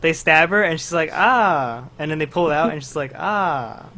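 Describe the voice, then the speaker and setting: A man co-hosting a podcast, telling stories in a casual, animated way and acting out quotes. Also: fairly high pitch, fast. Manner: animated storytelling, acts out quotes. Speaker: podcast co-host. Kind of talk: casual chat.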